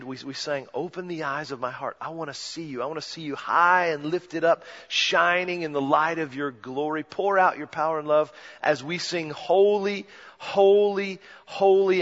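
A man preaching a sermon, swinging from hushed near-whispers to loud impassioned cries, recorded in a church. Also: fairly high pitch. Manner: dramatic swings from hushed to shouting. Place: church sanctuary. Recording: muffled church recording with long reverb.

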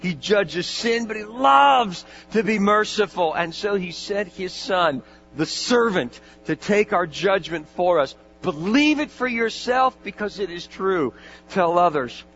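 Over soft background music, a pastor with a high, fairly bright and expressive voice delivers an earnest sermon at a measured pace, rising into passionate exhortation and prayer. The audio is dull and lo-fi with a hum from the mains.

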